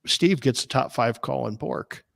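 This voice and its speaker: A man in mid-pitch spins a long, animated tale, stopping and restarting as he goes. His voice comes across dry and close. He is a barbecue competition cook from Des Moines chatting on a podcast. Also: measured pace, vocal fry, dry recording. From Des Moines, Iowa, US. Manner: rambling, animated anecdotes with restarts. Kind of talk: casual storytelling on a podcast.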